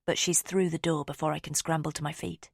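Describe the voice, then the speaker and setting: Low, gravelly woman narrating. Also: no room sound, studio quality. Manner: calm, measured storytelling. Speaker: audiobook narrator. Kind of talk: scripted first-person narration.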